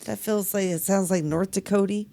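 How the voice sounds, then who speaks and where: A woman's voice: medium pitch, fairly even intonation, moderate pace, dark tone. A woman co-hosting a casual podcast chat, blunt and jokey, swearing often. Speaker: podcast co-host.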